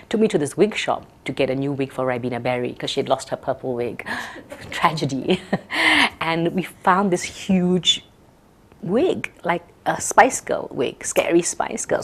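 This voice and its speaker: A woman from Malaysia, a performer chatting casually in an interview and laughing often. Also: low-pitched.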